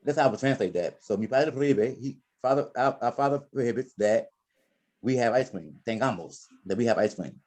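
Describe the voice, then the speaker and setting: A man's voice: mid-range voice, expressive, a little fast, a little mellow. A man teaching a Spanish class, correcting students patiently and repeating his words. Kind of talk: online class instruction.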